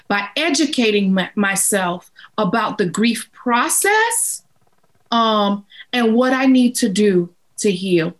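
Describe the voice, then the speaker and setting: Speaking slowly in a high register, a woman gives advice about grief, leaning on each phrase. Like an earnest, steady interview guest, she repeats lines for emphasis. The audio quality is poor.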